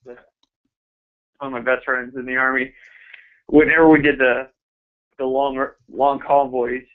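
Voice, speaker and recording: A man co-hosting a talk show, chatting casually in slow, laid-back remarks. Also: mid-range voice, little pitch movement. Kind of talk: casual chat. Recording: dull lo-fi audio.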